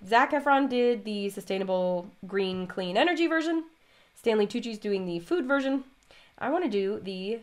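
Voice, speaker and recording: A woman hosting her stitching vlog, chatting casually and rambling off on tangents while she stitches. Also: mid-range voice. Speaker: vlog host and cross-stitch designer.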